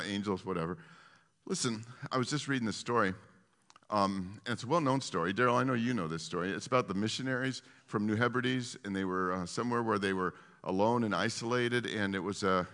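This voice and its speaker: Guy teaching bible stuff, bright voice, chatty and excited, lots of um and like, echoey hall. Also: lowish voice. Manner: animated, laughing, lots of fillers and restarts.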